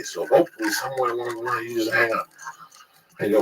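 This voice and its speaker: A man's voice: medium pitch, fairly even intonation, fast, pauses often. A man in his sixties in casual chat, telling rambling, profane stories as a podcast host. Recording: distant mic with loud background noise.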